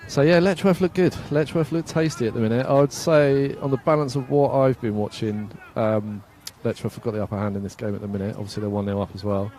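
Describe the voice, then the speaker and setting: A man's voice: medium pitch, fairly even intonation, fast talker, few pauses, dark tone. A man from England giving casual, self-mocking live commentary at an outdoor football match, laughing often and reading out viewer comments.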